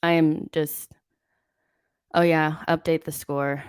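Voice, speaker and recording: A young woman hosts a live football watchalong, reacting in exasperation and reading viewer messages aloud. Her voice sits fairly low. The sound is close and dry. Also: flat delivery, slow pace, clean tone, no room sound. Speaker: host of a football watchalong stream. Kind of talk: live watchalong commentary and chat.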